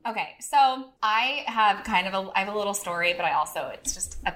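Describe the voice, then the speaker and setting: A young woman co-hosting a podcast, talking in an animated, emphatic way with jokey asides. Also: medium pitch, brisk. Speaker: podcast co-host. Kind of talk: casual chat.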